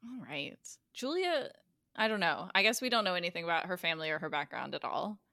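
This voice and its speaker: A woman co-hosting a podcast, telling an episode's events in a lively, casual way and swearing freely. Her voice is bright and forceful. The sound is dry and close, with no room around it. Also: lowish voice, a little fast, gravelly, no room sound. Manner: animated storyteller, acts out characters' lines, laughs often, swears casually. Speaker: guest co-host recapping a TV episode. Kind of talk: casual podcast recap chat.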